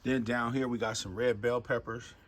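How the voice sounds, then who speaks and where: A man casually walking viewers through his home garden, chatty and relaxed, calling them y'all. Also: medium pitch, normal speed. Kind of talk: casual walk-through narration. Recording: music playing clearly behind the voice.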